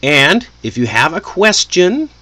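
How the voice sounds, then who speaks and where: A man teaching English in a lively, friendly way, often chuckling to himself. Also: fairly high pitch, measured pace. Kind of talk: casual lesson delivery.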